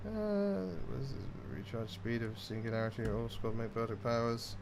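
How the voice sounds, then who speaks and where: A man's voice: medium pitch, sing-song, moderate pace, vocal fry, background noise. A man casually commenting on his gameplay, joking and muttering through menus. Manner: chatty, jokey, mutters while reading menus. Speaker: gaming channel host.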